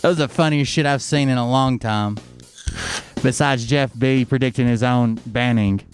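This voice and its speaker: A man's voice: medium pitch, normal speed, soft background music. A man hosting a livestream, chatting casually as he wraps up, rambling and cursing loosely. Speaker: livestream host. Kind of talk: casual end-of-stream chat.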